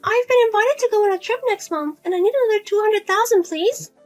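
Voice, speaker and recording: A woman's voice: extremely high pitch, fairly quick, soft background music. A woman voicing a pushy middle-aged mother who nags and guilt-trips her grown daughter. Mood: nagging, whiny. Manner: nagging, pleading, guilt-tripping.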